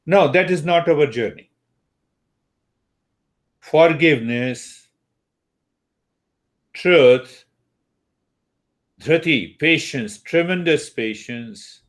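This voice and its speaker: A man teaching meditation slowly and calmly, with long pauses and Sanskrit terms. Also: on the high side. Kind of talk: spiritual teaching talk.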